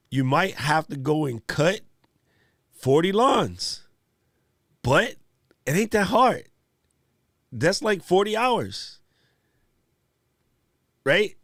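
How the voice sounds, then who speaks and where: A man's voice: high-pitched, dry recording, clean studio sound. A man hosting a live stream Q&A, chatting casually and animatedly with viewers in slang. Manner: animated, slangy, talks straight to chat viewers.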